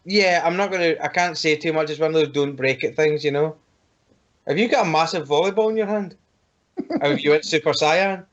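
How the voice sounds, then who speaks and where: A man's voice: on the high side, brisk. A man co-hosting a casual podcast chat over an online call, rambling and joking and laughing often. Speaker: podcast co-host. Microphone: home computer microphone on an online call. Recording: muffled lo-fi call audio.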